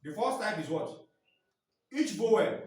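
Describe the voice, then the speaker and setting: Guy teaching phonics, kinda high voice, super echoey room far from the mic. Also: big pitch swings, measured pace, darkish tone. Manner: quizzing, asks "what?" and waits for answers. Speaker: teacher trainer. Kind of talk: phonics training lesson.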